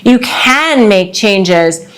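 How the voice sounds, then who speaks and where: A woman's voice: mid-range voice, expressive, a bit bright. Earnest woman giving advice to camera. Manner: earnest, quick, acts out quoted lines. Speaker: divorce lawyer and coach. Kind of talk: direct-to-camera advice talk.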